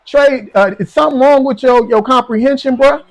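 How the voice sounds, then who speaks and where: Streamer, male, higher register, loose rambling banter with chat, chuckles a lot. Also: normal speed. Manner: rambling, repeats "man" and "you know what I'm saying"; teasing, chuckling often. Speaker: gaming live streamer.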